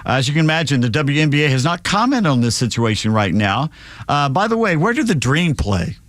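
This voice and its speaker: A man's voice: fairly high pitch, sing-song, fairly quick, fairly bright tone, no echo. A man hosting a talk radio show, reading news stories and cracking sarcastic jokes at them. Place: radio studio. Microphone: studio microphone.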